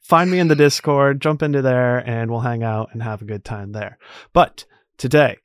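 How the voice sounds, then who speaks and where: A man's voice: medium pitch, moderate pace, no room sound. Chatty male podcast host, dry sound. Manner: chatty, rambling with restarts. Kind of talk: casual podcast chat.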